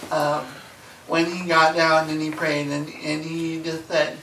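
Gravelly, flat-voiced man in Bible study. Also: a little high, unhurried, slight background noise. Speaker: study group member. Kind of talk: casual group Bible discussion. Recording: echoey room, mic far off.

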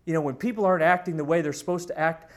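A man's voice: fairly high pitch, very fast. A man preaching a sermon in an emphatic, storytelling way, addressing his congregation. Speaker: pastor.

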